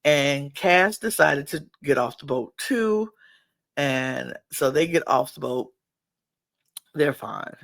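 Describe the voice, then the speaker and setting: A woman hosts a podcast and talks through a reality-show episode in a relaxed, chatty way. Her voice has a gravelly, creaky texture, and she acts out what each person said as she goes. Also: low voice, takes it slowly. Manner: chatty, acts out people's quotes. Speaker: podcast host. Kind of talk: casual reality-show recap.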